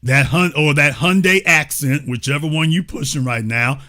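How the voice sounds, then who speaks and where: A man's voice: a little high, moderate pace, sharp tone. A man hosting a livestream political commentary show, talking in a mocking, sarcastic way. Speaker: show host.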